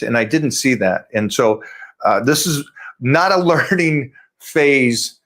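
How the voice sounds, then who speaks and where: A man's voice: mid-range voice, unhurried, fairly bright tone. A man hosting a casual video call chat, speaking frankly and sounding frustrated. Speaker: host.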